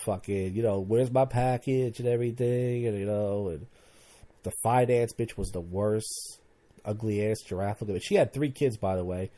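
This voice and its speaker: In a mellow, lowish voice at a moderate pace, a young man delivers a casual, profanity-laced podcast monologue about his old job. He imitates his coworkers as he rants.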